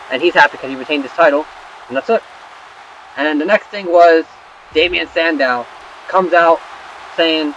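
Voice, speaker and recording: A young man casually recapping wrestling results while playing a game, rambling and swearing with excitable asides. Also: fairly high pitch, normal speed, pauses often, highs cut off, a little hiss or hum. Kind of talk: casual recap over gameplay.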